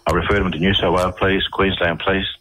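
A man's voice: deep voice, level tone, fast talker, bright, forceful tone, husky, poor audio. A middle-aged Australian man, a radio interview guest, telling stories in a rambling way full of restarts and fillers.

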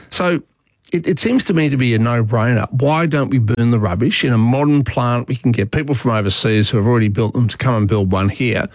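A man's voice: medium pitch, no echo. Australian man hosting talkback radio. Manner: conversational, thinking aloud with fillers.

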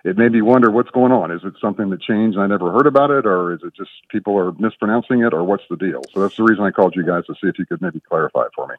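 A man's voice: low-pitched, very fast, few pauses, dry recording. A man in his fifties from Florida calling in with a question, telling his story in a rambling, self-correcting way. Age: 50s. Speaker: caller. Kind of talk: phone-in question. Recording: tinny phone line, distant.

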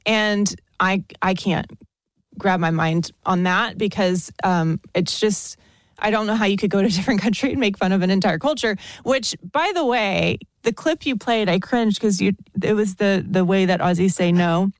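A woman's voice: medium pitch, moderate pace, dry recording. A young American woman, a podcast guest, chatting casually with frequent laughs and restarts. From United States. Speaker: podcast guest, content creator.

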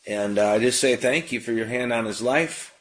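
A man's voice: medium pitch, moderate pace. A man hosting a live call-in prayer show on the radio. He prays and chats in an easygoing, unpolished way, with frequent fillers and restarts. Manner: prays and preaches in a relaxed, conversational way with frequent fillers. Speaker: radio ministry host.

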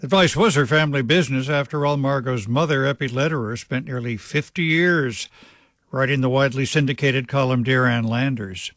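Reading his scripted essay a little fast, the male radio news host brings wry, affectionate storytelling to it. The studio microphone in the dry radio studio catches his slightly bright, mid-range voice with no room sound.

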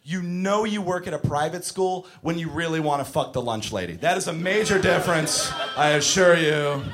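A man doing a crude stand-up comedy set, ranting and shouting mock arguments. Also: a little high, expressive, normal speed.

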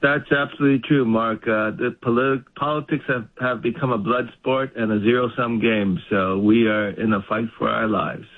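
A man's voice: mid-range voice, steady tone, normal speed, hardly any pauses. A man with a mid-range voice makes blunt, wry remarks as a panel guest. His voice comes through a narrow, phone-like line. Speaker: commentator guest. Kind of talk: casual panel talk.

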